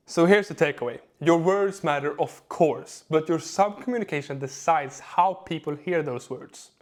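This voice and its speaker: A young adult man, a communication coach, giving a measured lesson to camera, stressing key words and pausing for effect. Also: a little high. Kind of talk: instructional video talk to camera.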